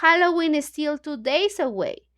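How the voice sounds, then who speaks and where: A woman's voice: high voice, expressive. A woman with a Mexican Spanish accent voicing a cheerful young female schoolteacher from a children's storybook. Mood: indignant. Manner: bright and brisk when addressing the class.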